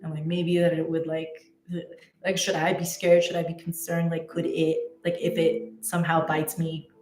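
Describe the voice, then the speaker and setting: A woman's voice: low-pitched, monotone, moderate pace, darkish tone, echoey room. A woman telling a personal story in a casual, chatty way, with many fillers and restarts. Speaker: spiritual content creator.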